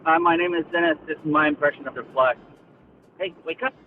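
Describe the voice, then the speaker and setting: A man's voice: a little high, fairly even intonation, brisk, soft background music. A man calling in to a radio show with a teasing fly impression, heard over a phone line. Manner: teasing, mocking. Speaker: caller.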